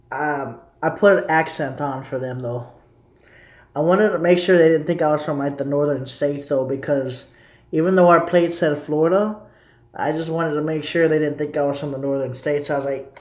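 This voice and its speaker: A man's voice: on the high side, moderate pace, a little mellow, reverberant. A man from Texas rambling to his viewers in a blunt, opinionated live-stream chat, swearing casually as he goes.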